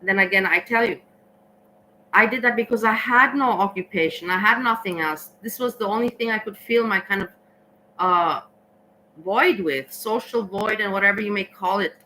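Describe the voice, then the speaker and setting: A tired woman chatting casually in a vlog, rambling and halting with many restarts and fillers. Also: mid-range voice, pushed and bright, slight background noise, low-quality recording. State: tired, slow thinking. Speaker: vlogger.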